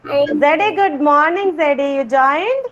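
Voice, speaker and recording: A woman's voice: high voice, takes it slowly, lo-fi sound, a crowd in the background. A woman teaching a kindergarten class over a video call, coaxing the children with sing-song, repeated questions. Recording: noisy video call audio.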